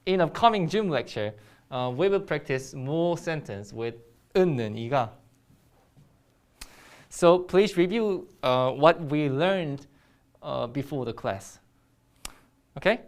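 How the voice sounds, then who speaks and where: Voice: mid-range voice, lively intonation. Young teacher, quizzing viewers. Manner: hesitant, many pauses, quizzing the viewer. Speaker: Korean language teacher. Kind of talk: recorded online grammar lesson.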